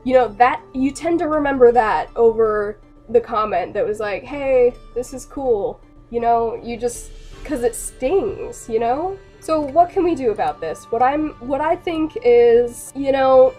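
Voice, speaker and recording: An excitable young woman talks to her viewers in a loose, rambling rant, often breaking into laughter. Her voice sits a little high for a woman. Faint music plays behind her. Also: a little slow. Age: young adult. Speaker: animator and vlogger. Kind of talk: casual rant to camera.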